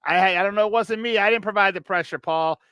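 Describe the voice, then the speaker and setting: This is a goofy young ballplayer bragging about himself, as a male radio host mimics him. The voice sits high and the rambling boasts sound dry and close. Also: fast talker, bright, forceful tone, clear, resonant tone, dry recording. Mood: boastful.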